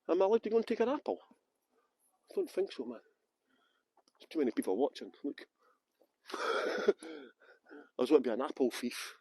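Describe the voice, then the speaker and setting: A Scottish tour guide with a fairly high, dark, husky voice leads a live walking tour of outdoor gardens, with no room sound. Filming on a handheld phone, he jokes and teases his viewers with facetious banter.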